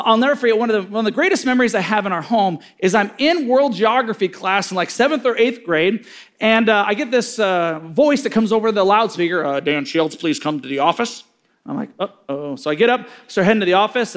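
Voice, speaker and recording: A middle-aged man giving a sermon-style talk on parenting, telling stories and acting out the voices in them. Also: sits high. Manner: storytelling, acting out quoted voices with big swings.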